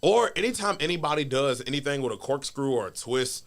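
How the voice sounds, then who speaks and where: Animated storytelling man, casual podcast. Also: mid-range voice, fairly quick. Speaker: wrestler guest.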